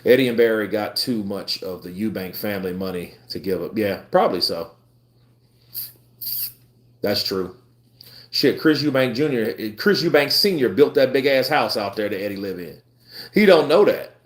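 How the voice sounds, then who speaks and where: A man hosting a live boxing stream, chatting casually with his viewers in a blunt, profane, animated way. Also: fairly low pitch, normal speed. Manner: animated, profane, talks back to chat. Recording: roomy echo.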